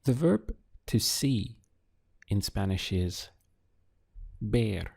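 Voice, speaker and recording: Slow, gravelly man teaching Spanish. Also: lowish voice, very animated, darkish tone. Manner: patient, spells and repeats words slowly. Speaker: Spanish tutor. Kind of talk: slow, clear language lesson.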